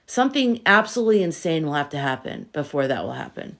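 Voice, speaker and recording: A woman's voice: low voice, sing-song, fast talker, fairly bright tone. A woman hosting a live stream as a tarot reader, chatting casually, firing off rhetorical questions and answering viewer comments. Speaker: tarot reader and livestream host.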